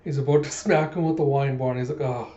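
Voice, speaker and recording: A man hosting a manga readthrough, retelling the story in an animated, casual way with spoken sound effects. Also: on the high side, fast talker. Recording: echoey room, dull lo-fi sound.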